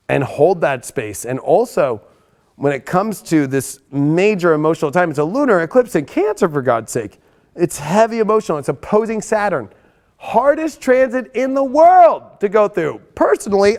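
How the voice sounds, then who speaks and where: A man hosting a weekly astrology forecast in a casual, excitable and profane way, swinging between hyped outbursts and hushed earnest stretches. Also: fairly high pitch. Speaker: astrology show host.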